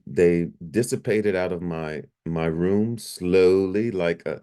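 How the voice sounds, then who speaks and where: A middle-aged man recounting his near-death experience in a lively, repetitive storytelling way, restarting sentences often. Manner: animated, jumps higher when quoting himself; repeats himself, restarts often. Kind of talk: personal storytelling.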